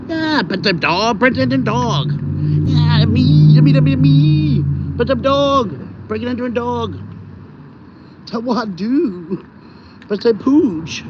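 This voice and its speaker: A man's voice: very high voice, lively intonation, slow pace, voice pushed up, heavily acted. A man voicing a silly male toy poodle, raised voice, repetitive chanting, dull outdoor audio, faint street noise. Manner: chanting short repetitive phrases. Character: goofy, simple-minded male toy poodle.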